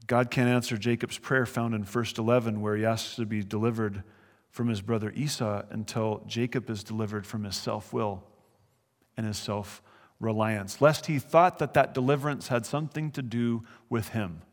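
A man's voice: on the low side, steady tone, normal speed, in a large hall. A man preaching a verse-by-verse sermon as a pastor, conversational and earnest, with brief chuckles. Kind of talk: sermon, verse-by-verse Bible teaching.

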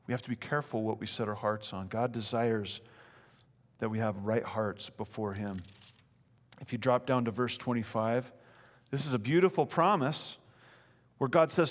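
A man's voice: medium pitch, fairly even intonation, normal speed. A man preaching in a church sanctuary, reading scripture aloud and then expounding on it. His delivery is earnest and emphatic, often doubling back on phrases for weight. A long reverb from the big room trails behind each line. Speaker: pastor.

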